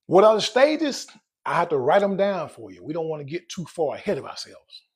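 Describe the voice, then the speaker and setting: A man's voice: fairly high pitch, sing-song, fairly quick, slightly rough. A man chatting casually to his channel's viewers about money, joking and calling out to them directly. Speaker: personal finance vlogger. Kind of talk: casual chat to camera.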